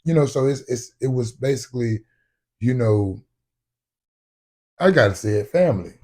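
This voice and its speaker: Animated, joking male storyteller. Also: mid-range voice, moderate pace, a little hiss or hum. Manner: animated storyteller who jokes and bursts into loud shouts. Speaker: actor guest. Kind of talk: casual podcast chat.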